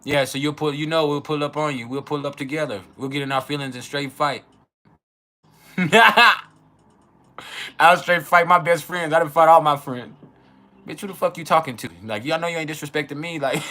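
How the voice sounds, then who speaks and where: A young man talks freely about astrology with a bright, somewhat high voice. He swears constantly and laughs between lines. He slips into acted-out arguments without changing his voice. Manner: profane, animated, laughs often, acts out quoted arguments. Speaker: astrology channel host. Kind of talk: casual unfiltered chat.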